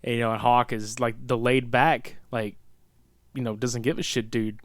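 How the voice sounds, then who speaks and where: A man's voice: mid-range voice, normal speed, no room sound, clean studio sound. A man co-hosting a podcast, chatting casually and profanely about a movie, laughing and quoting scenes. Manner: animated, profane, laughs often, quotes scenes. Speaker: podcast co-host.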